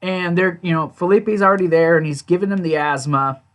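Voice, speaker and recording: A man's voice: sits high, fairly even intonation, a little fast, fairly bright tone. A man casually recapping and reviewing a TV episode, rambling along with lots of "you know" and "like".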